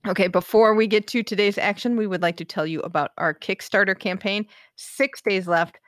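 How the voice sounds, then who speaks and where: A woman's voice: mid-range voice, fairly even intonation, brisk, no room sound, clean studio sound. A woman co-hosting a podcast, chatting casually and laughing easily with her co-host. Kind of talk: casual chat.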